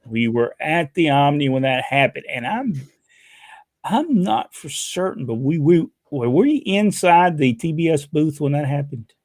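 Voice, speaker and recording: A man's voice: a little high, lively intonation, unhurried, a little mellow, no echo. A man co-hosting a casual podcast, talking in a rambling, folksy way and laughing often. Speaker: podcast co-host. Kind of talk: casual chat.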